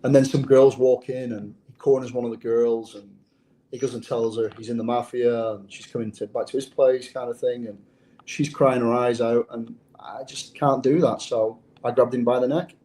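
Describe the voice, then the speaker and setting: A former undercover officer, appearing as a guest in a casual interview, talks bluntly and swears freely about his past. His dark, mellow, medium-pitched voice is fairly even and moves at normal speed, and he keeps doubling back on his words. There's a little hiss or hum.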